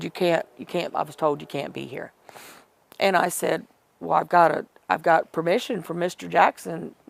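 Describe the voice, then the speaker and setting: Gravelly low-voiced middle-aged woman. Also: no echo. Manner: rambling, self-correcting, retells conversations. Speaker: interviewee. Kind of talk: personal storytelling in an interview.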